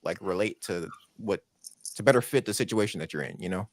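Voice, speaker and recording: Male co-host from Chicago, low voice, laid-back storyteller. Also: fairly quick, no room sound. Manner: relaxed, hesitant with fillers. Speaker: podcast co-host. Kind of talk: casual storytelling chat.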